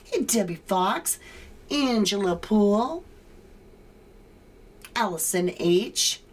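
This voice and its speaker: A woman's voice: mid-range voice, lively intonation, takes it slowly. A woman hosting a livestream, reading viewer comments and ranting sarcastically. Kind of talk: casual chat.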